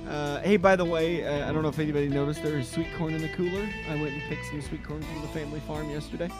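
A man's voice: a little high, fairly even intonation, fast, music in the background. A man hosting a casual pub-style podcast, laid-back and swearing casually. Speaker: podcast host.

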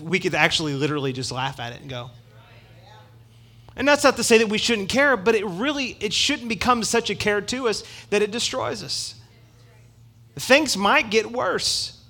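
A man's voice: high-pitched, moderate pace, bright, forceful tone. A middle-aged man preaching a sermon in an emphatic, conversational way, with asides to the congregation. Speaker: pastor.

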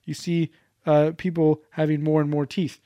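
A man whose voice sits a little higher than most, co-hosting a podcast in loose, crude banter. He delivers his jokes flat and deadpan. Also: normal speed, smooth. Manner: dry, deadpan asides. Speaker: podcast co-host.

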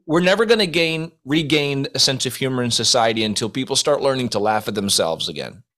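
Man, podcast co-host, deadpan mock-serious storyteller who breaks into laughter. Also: mid-range voice, fairly quick. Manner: mock-solemn storytelling, laughing through his own jokes. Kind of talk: casual comedic chat.

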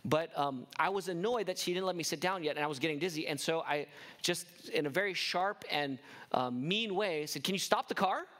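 A man's voice: on the high side, fairly quick, a bit bright. A middle-aged man preaching a sermon as a pastor, earnest, often asking the listeners questions.

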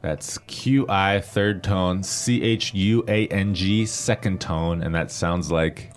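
A man's voice: low voice, steady tone, slow. A man hosting a language lesson who patiently explains grammar and spells out pinyin letter by letter.

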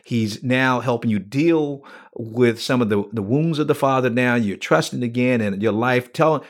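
A man's voice: mid-range voice, moderate pace. A man hosting an interview podcast, probing and empathetic, with a touch of playful sarcasm. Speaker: podcast host. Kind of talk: conversational interview.

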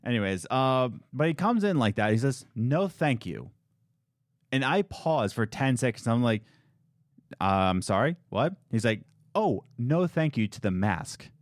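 A man tells a work story in a loose, chatty way, his pitch swinging widely as he acts out the people in it. He leans into sarcasm. The sound is dry and close, with no room around it. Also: measured pace, dry recording. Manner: animated, sarcastic, quotes people in put-on voices. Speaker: restaurant worker telling a story. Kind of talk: casual storytelling chat.

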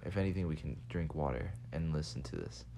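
A man's voice: very deep voice, animated, fairly quick, creaky, dark tone, slight background noise. A young man co-hosting a podcast in casual comedic chat, joking, laughing often and trailing off mid-sentence. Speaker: podcast co-host.

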